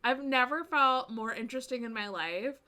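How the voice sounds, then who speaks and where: A woman's voice: on the high side, normal speed, sharp tone. A woman with a Midwestern American accent tinged with Southern, chatting casually with viewers on a stream, rambling and laughing often. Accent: American Midwestern with some Southern.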